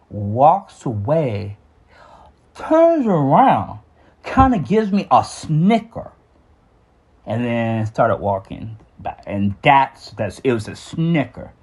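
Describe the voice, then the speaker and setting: A man's voice: a little high, husky. A man telling a candid personal story about his childhood, with frequent restarts and some swearing.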